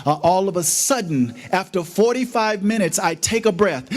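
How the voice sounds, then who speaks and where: A man's voice: high voice, lively intonation, moderate pace. A middle-aged man giving an inspirational sermon as a guest speaker, telling his story dramatically and acting out the voices in it.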